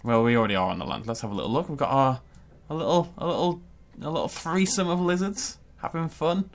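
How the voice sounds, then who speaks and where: A man hosting a gaming channel, giving chatty, excitable let's-play commentary and laughing often. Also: a little high, fast talker.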